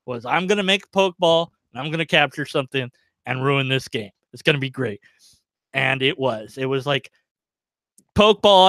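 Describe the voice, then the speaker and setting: Guy hosting a stream, telling a goofy game story, smooth clear voice. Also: fairly high pitch, bright, forceful tone, no room sound. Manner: rambling, chuckling, full of fillers. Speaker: livestream host. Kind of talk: casual storytelling.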